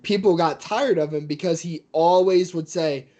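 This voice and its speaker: A man who works as a fight commentator, telling stories as a guest in a casual interview with a mid-pitched voice. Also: normal speed, muffled recording. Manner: animated storyteller.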